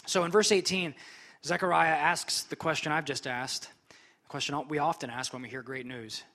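A man's voice: a little high, fairly even intonation, normal speed, sharp tone. A young man preaching a sermon as pastor, conversational and chatty, with frequent casual asides.

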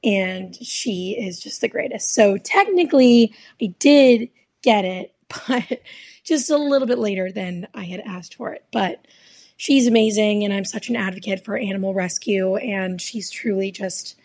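A raspy-voiced young woman, a musician answering interview questions in an earnest, upbeat way. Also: medium pitch, a little slow, darkish tone. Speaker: musician guest.

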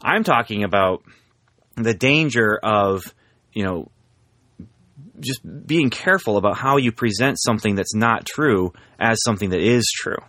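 A man in a casual talk, choosing his words carefully with pauses and restarts. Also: lowish voice, animated, sharp tone, dry recording. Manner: careful, hesitant, many fillers and restarts. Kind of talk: casual chat.

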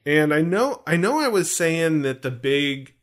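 A man's voice: fairly high pitch, sing-song, a little slow, fairly bright tone. A man co-hosting a podcast, talking casually and playfully about a film, with rhetorical questions. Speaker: podcast co-host.

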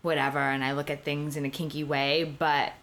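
A middle-aged woman with a New York accent and a low voice, chatting as a podcast guest. She tells her stories bluntly and animatedly, swearing freely as she goes. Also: fairly quick. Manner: blunt, profane, animated storyteller. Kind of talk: casual interview chat.

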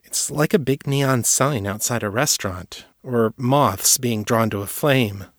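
A man reading aloud and voicing a calm, firm young woman telepath who explains and reassures steadily. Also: medium pitch, measured pace, no echo, clean studio sound, natural voice. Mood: explaining.

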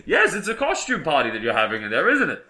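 Exasperated high-voiced man in a comedy bit. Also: huge pitch swings, fast talker, pushed and bright. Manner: exasperated, dry, laughing through lines. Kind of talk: improvised comedy sketch.

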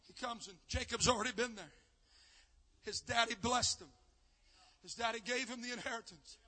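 A man preaching a live sermon at a church service, swinging between fervent shouting and a hushed storytelling tone. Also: very high voice, moderate pace, big-room sound. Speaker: youth conference preacher.

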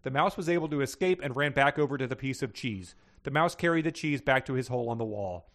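A man's voice: animated, fast, fairly bright tone. A man hosting a podcast, reading short stories aloud and chatting casually, often laughing. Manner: reads stories aloud, voices characters with raised pitch, laughs often. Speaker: podcast host reading passages. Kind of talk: read-aloud storytelling with casual chat.

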